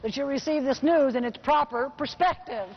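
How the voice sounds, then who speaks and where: A middle-aged woman giving a motivational keynote speech to a business audience, telling a personal story and slowing down to stress key points. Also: high voice. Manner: personal storytelling, slows down for emphasis. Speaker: motivational speaker. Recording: muffled recording with faint hiss.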